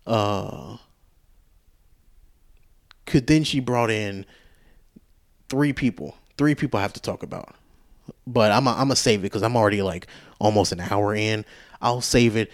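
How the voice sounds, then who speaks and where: Profane rambling man hosting a podcast. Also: on the low side. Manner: profane, rambling, with restarts and laughs. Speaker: podcast host. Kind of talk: casual solo podcast storytelling.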